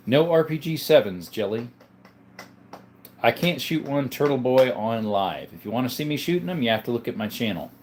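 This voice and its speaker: A man's voice: mid-range voice, animated, moderate pace, darkish tone, slight background noise. Laid-back man hosting a live chat. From Arizona, US. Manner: laid-back, answers chat questions one by one. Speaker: livestream host. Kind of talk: casual live chat reading viewer comments.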